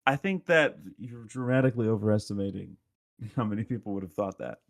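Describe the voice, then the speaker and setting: Rambling low-voiced man, dry sound. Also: fairly quick, gravelly, no room sound. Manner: rambling, heavy "like" fillers, laughs often. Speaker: podcast co-host. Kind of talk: casual podcast chat.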